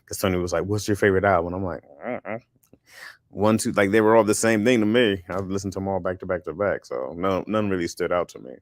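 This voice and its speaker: A man's voice: low-pitched, quick pace, few pauses, no echo. A man hosting a casual livestream chat, telling stories bluntly and laughing often. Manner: blunt, laughing, animated storytelling. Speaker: livestream host. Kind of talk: casual chat, reading viewer comments.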